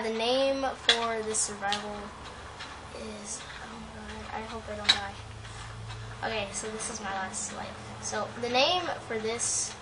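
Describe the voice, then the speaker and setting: A woman with a fairly high voice gives live gameplay commentary on her own channel. She is anxious and talks to the game, repeating short phrases over and over. Clear steady noise runs under the recording. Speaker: gamer, channel host.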